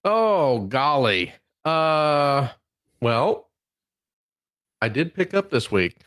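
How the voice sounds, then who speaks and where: A man's voice: on the high side, sing-song, drawn-out words, fairly bright tone. A man co-hosting a podcast in casual chat, hesitant with fillers. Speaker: podcast co-host.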